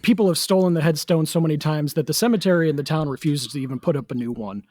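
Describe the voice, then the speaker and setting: A man's voice: a little high, quick pace, darkish tone. A man from Wisconsin, a guest author and researcher, telling chatty anecdotes with self-mocking humor.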